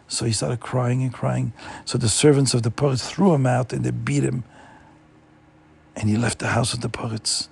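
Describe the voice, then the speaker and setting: Very raspy gravelly male storyteller. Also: mid-range voice, moderate pace. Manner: animated, repeats words for emphasis. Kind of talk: retelling a Jewish folk story.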